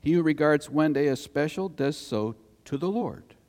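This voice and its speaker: A man's voice: fairly high pitch, animated, moderate pace, a little mellow. A man, the pastor, preaching a conversational sermon that tells stories and rises into emphatic scripture reading. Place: church sanctuary. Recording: long reverb of a church hall.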